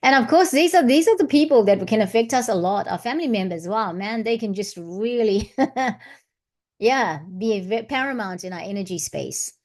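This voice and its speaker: A woman's voice: medium pitch, lively intonation, moderate pace, darkish tone. Chatty woman hosting a spiritual vlog. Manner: chatty and meandering, with many restarts and asides; breaks into flowing chanted syllables. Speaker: spiritual channel host. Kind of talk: casual spiritual vlog with chanted light language.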